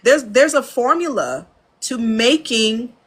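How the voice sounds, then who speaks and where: Frank, animated American woman producer. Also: on the high side, slow, breathy edge. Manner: animated storyteller, acts out studio dialogue; frank, laughs often. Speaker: audio engineer and producer, guest. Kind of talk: casual interview talk. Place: home studio.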